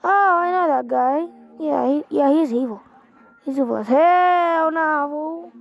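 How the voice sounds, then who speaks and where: A woman giving casual let's-play commentary as a gaming vlogger, excitable and swearing a lot as she reacts loudly to the game. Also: high voice, unhurried, creaky, muffled recording.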